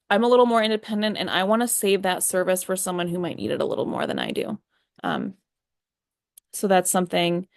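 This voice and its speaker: A woman's voice: medium pitch, no room sound, clean studio sound. A young woman hosting a live chat, answering viewer questions in a friendly, reassuring way with lots of fillers.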